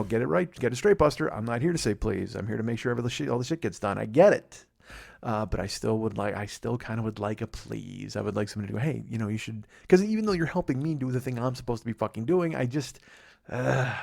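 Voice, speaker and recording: A man's voice: mid-range voice, expressive, fast talker, vocal fry, a little mellow. A man in his forties hosting a podcast alone, rambling and swearing in a casual, self-mocking way. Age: 40s. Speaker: podcast host. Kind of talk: casual solo podcast monologue.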